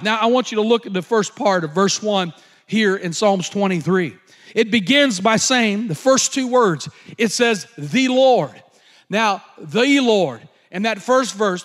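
A man delivering a sermon in a notably high voice. He speaks slowly and emphatically, repeating his key lines and pausing on fillers as he teaches. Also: a bit bright. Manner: emphatic repetition, slow deliberate delivery with fillers. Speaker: preacher.

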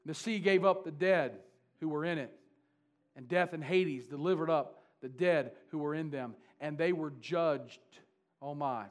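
Pastor, male, slightly high voice, emphatic repeating sermon style. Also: measured pace. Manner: emphatic, repeats key words for stress.

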